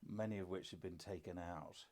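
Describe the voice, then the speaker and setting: An older man speaks with a low, deep voice in a relaxed, casual conversation. He tells his stories in a reflective way and drops dry, self-deprecating jokes along the way. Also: moderate pace. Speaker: podcast co-host, father.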